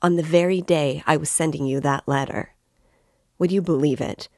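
A timid middle-aged mother speaks hurriedly and fretfully, as a woman reads her aloud. The voice is low and the recording dry and close. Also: normal speed, darkish tone, no echo. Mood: anxious. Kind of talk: reading a novel aloud.

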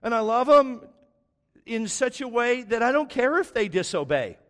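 A man's voice: extremely high pitch, sing-song, normal speed, a bit bright, big-room sound. A man preaching a sermon as a pastor, talking in a loose, conversational way and reading scripture aloud with emphasis.

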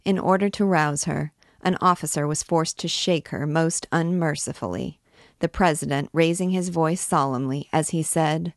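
A woman hosting a read-along, reading a classic novel in a measured, steady way. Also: deep voice, dry recording, clean studio sound. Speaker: reader, host. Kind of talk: audiobook reading.

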